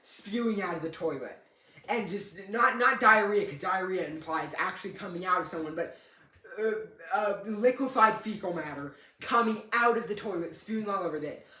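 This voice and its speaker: A man's voice: high-pitched, normal speed, pushed and bright. A young man casually telling a story, rambling and correcting himself, with a dry, joking humor. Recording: echoey room.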